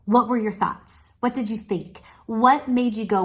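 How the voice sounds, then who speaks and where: A woman's voice: fairly high pitch, a little slow, few pauses. A woman talking casually to camera as a pageant speaking coach, in an encouraging, coaching tone. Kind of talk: casual video commentary.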